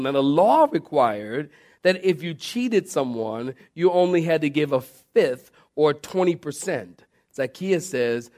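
A man's voice: fairly high pitch, slow pace. A man preaching a sermon, telling stories with humor, restarting phrases and speaking straight to his congregation. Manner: animated storytelling with humor and repeated restarts; addresses the congregation directly. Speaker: pastor.

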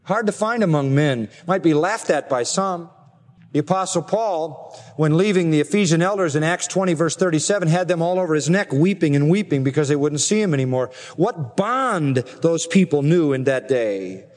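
A man's voice: on the high side, lively intonation, moderate pace, a little mellow, in a large hall. A man preaching an expository sermon in an earnest, emphatic way, with rhetorical questions. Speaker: pastor.

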